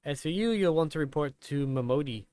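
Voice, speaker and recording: A man voicing a grateful male mine official in a plain, even reading. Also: fairly high pitch, fairly quick, smooth, no echo, natural voice.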